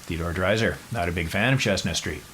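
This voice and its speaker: Low-voiced male podcast host, chatty storyteller with wry jokes. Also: brisk, slight background noise, low-quality recording. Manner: animated, chatty, wry asides. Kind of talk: casual storytelling.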